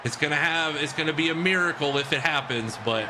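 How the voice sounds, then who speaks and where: A man giving excited play-by-play commentary on a football video game he is playing, shouting and laughing. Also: fairly high pitch, fairly quick, very noisy. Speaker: game streamer.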